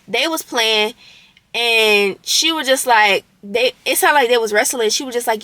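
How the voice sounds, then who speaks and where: A woman's voice: fairly high pitch, normal speed, bright, forceful tone, dry recording. A young woman vlogger recounting a roommate conflict in a casual storytime, candid and indignant, with slang and swearing.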